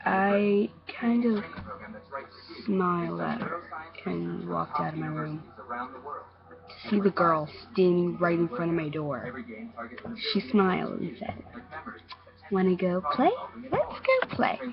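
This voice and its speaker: A woman narrating a first-person creepy story in a hesitant, halting way, in a dull lo-fi recording. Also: on the low side, creaky, music in the background. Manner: hesitant, halting, with repeated restarts.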